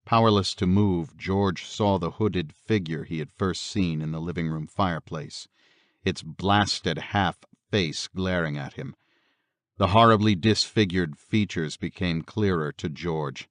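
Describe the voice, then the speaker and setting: A man narrating a horror audiobook in a measured, steady storytelling manner. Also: low-pitched, no echo.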